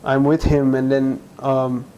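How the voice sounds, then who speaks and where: Man, from Brazil, interview guest, earnest, halting, mellow tone. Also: mid-range voice, flat delivery, lo-fi sound, a little hiss or hum. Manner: earnest, halting with many restarts. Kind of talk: conversational interview.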